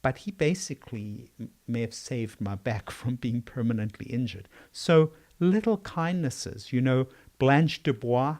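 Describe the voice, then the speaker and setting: This psychiatrist guest, an older man from South Africa, has a South African accent and a mid-range, slightly mellow voice. He keeps a measured pace with few pauses, responding to interview questions in a reflective, story-driven way.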